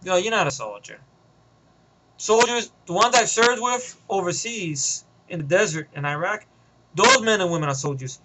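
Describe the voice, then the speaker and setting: Brief: guy doing a cold, cursing female ex-soldier, high for a man, noisy home tape. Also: animated, moderate pace. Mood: menacing. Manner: menacing, swearing, interrogating. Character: tough female ex-soldier vigilante, cold and profane.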